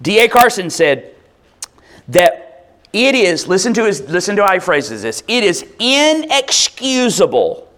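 A man's voice: high-pitched, big pitch swings, unhurried, pauses often, a bit bright. A male pastor preaching a conversational, expository sermon, firing rhetorical questions at the congregation.

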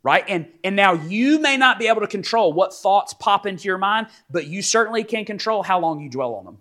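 A man in his forties delivers a sermon with lively, emphatic energy. His voice sits slightly high and leaps between loud peaks and hushed drops. He acts out short quoted lines as he goes. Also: fairly quick. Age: 40s. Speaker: pastor.

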